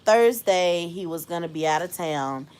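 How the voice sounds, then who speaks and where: Woman host, live-stream storyteller; very lively, sing-song pitch, quick to laugh, mimics the people in her story. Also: smooth. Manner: animated, laughs often, acts out quoted voices. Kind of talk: casual storytelling to a live chat.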